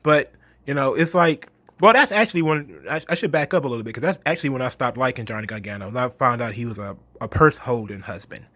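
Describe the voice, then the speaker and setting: A man's voice: mid-range voice, fast, a bit bright, no room sound. A man ranting in a mocking, exasperated, profane monologue about wrestling. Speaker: wrestling commentary host.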